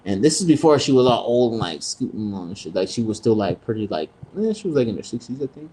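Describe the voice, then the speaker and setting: A man spinning loose, profane anecdotes on a podcast, his voice sitting at an ordinary middle pitch. He talks casually and keeps breaking into laughter, now and then jumping his pitch up to act out the people in his stories. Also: very animated, fast talker, warm tone, husky, rough recording. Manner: profane, laughing, swearing freely; acts out quoted people in raised voices. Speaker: podcast host. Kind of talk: casual storytelling.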